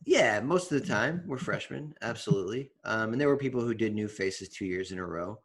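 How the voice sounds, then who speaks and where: Low-voiced young man telling stories. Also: animated, fairly quick, breathy edge. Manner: chatty storyteller with many fillers and restarts. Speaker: podcast co-host. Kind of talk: casual chat.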